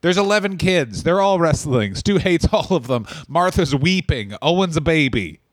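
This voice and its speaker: A man's voice: on the high side, lively intonation, normal speed, no echo. A man co-hosting a comedy podcast, riffing crude jokes in casual chat. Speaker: podcast co-host.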